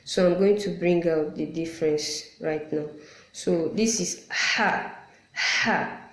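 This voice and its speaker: A woman teaching Quran letter pronunciation patiently, repeating each sound to demonstrate and pausing to apologize. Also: sits low, steady tone, warm tone. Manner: apologetic asides. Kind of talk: explanatory lesson. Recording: roomy echo.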